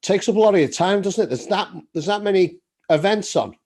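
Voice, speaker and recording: A man's voice: sits high, expressive, a little fast, darkish tone. A man hosting a podcast in casual chat, friendly and laughing along with short questions. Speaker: podcast host.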